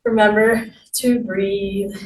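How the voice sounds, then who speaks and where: A woman's voice: medium pitch, fairly even intonation, takes it slowly. A woman leading a guided exercise class, giving upbeat, encouraging cues while she moves along. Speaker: fitness instructor. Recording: roomy, distant mic with faint noise.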